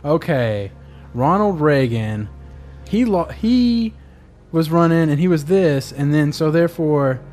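A man's voice: fairly high pitch, expressive, slow, a little mellow, soft background music. A man co-hosting a podcast, rambling and joking as he reads listener emails in casual chat.

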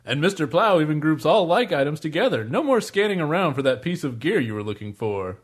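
Man playing cheery pitchman, upbeat, salesy, pitched up. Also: big pitch swings, fairly quick, slightly rough. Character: cheery male pitchman in a mock ad. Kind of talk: spoof commercial acting.

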